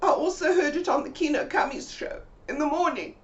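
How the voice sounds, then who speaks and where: A woman voicing a panicky, dramatic older woman friend who wails in a high voice. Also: lively intonation, a little fast, reverberant, recorded from a distance, lo-fi sound. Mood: panicked. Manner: high, frantic and wailing.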